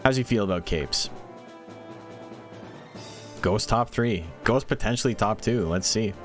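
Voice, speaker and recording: A man giving casual play-by-play commentary on a monster-raising game tournament, chatting quickly and answering questions from chat. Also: lowish voice, over music.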